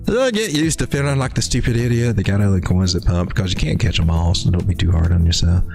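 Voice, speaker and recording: A man's voice: low-pitched, expressive, fast, gravelly, a little mellow, faint music behind. A man hosting a live crypto stream, talking through charts in a folksy, rambling way with lots of restarts. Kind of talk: casual live market commentary.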